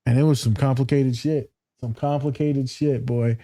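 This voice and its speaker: A man hosting a casual podcast, from Michigan, telling profane, animated stories and acting out quotes. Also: mid-range voice, normal speed, dry recording. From Michigan, USA. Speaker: podcast host.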